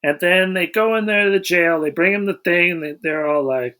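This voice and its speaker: A man co-hosting a casual movie-review podcast retells a film's plot with dry, wry humor, rambling, restarting and searching for words. His voice sits high, a little fast, pushed and bright.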